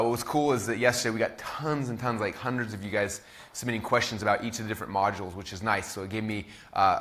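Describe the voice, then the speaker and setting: A man's voice: lowish voice, a bit bright. A man in his thirties hosting and teaching a live-streamed course, talking casually with lots of ums and uhs.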